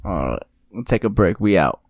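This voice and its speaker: A man's voice: on the low side, fairly quick, no room sound. A young man co-hosting a casual podcast, steering the talk and breaking to ads. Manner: animated, steers the show. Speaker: podcast co-host. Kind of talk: casual chat.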